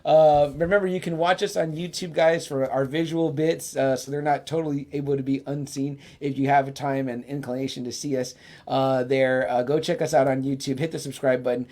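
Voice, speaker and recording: A man hosting a casual podcast, chatting about old movies in an animated, profane way. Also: medium pitch. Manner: animated, profane, acts out scenes in quick voices. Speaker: podcast host. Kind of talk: casual movie-review chat.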